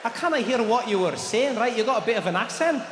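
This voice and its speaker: A man voicing a polite, unhurried Scottish Indian waiter with a Scottish accent, on a stand-up stage. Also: very high voice, animated, a crowd in the background. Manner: polite, unhurried, says laddie. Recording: echoey hall with noise.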